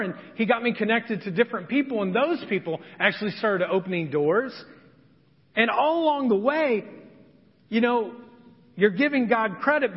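A male pastor delivers a sermon in an earnest, personal storytelling manner. His voice sits high for a man. It rings with long reverb in a church hall and sounds slightly muffled. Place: church sanctuary.

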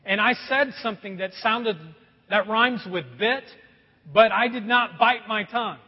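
A middle-aged pastor with a high, slightly husky voice delivers a folksy sermon, often calling out to the congregation. His voice carries a long hall reverb and sounds a bit dull, like a church sanctuary recording. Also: a little slow.

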